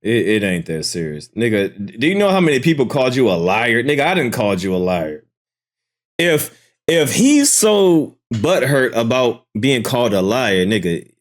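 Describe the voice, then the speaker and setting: Man, mid pitch, lively intonation, casual commentary, dismissive and amused. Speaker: commentary host.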